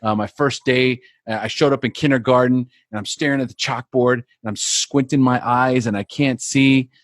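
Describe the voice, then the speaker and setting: A man's voice: mid-range voice, steady tone, normal speed, no room sound. Guy telling his own story on a podcast, earnest, repeats himself, dry close mic. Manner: earnest, repeats words while building a story. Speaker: podcast guest, life coach. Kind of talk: personal storytelling.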